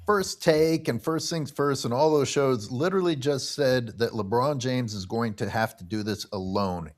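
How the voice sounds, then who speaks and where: Blunt opinionated man in sports talk. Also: mid-range voice. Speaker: co-host of live game reaction stream.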